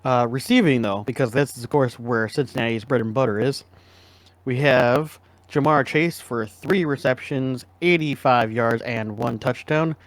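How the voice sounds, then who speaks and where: Relaxed guy, average pitch, cohosting a sports pod and thinking out loud. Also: moderate pace, no room sound. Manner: relaxed, agreeable, thinks aloud with hums. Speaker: podcast co-host. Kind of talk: casual sports podcast chat.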